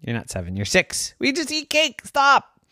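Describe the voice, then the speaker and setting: A storyteller voicing an exasperated mother in a bedtime story, who swings between alarm and gentle coaxing. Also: high-pitched, wildly swooping pitch, moderate pace, no echo, studio quality, voice pushed up, heavily acted. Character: exasperated mom.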